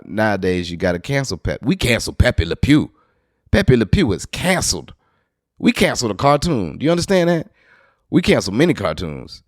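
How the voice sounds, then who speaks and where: A man from New Orleans with a local accent, hosting a podcast and telling a rambling, profane story in casual monologue, now and then jumping into high excited bursts. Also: normal speed, dry recording, clean studio sound. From New Orleans, USA. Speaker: podcast host.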